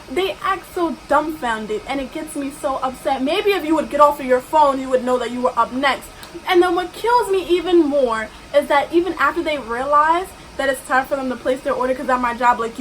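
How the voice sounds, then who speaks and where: A young woman rants straight to camera about her job, exasperated and emphatic. Her voice sits high. A faint hiss runs under the recording. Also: low-quality recording. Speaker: vlogger. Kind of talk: ranting storytime vlog.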